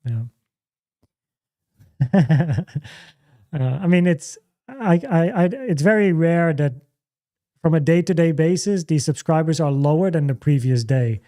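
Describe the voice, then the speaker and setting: A man's voice: on the high side, expressive, warm tone. A man hosting a casual livestream, chatting and answering questions with many restarts and fillers. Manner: halting, repeats words, many fillers. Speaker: livestream host. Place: home.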